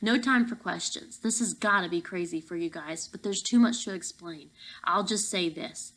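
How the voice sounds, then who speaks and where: A woman reading an audiobook, voicing a huge gruff male security guard who talks in a hushed, urgent way. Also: lowish voice, normal speed, poor audio.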